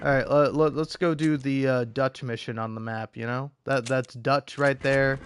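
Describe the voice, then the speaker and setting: A man's voice: medium pitch, fairly even intonation, normal speed, slight background noise. A young man streaming a game, rambling in casual chat with lots of fillers and restarts, sarcastic and profane.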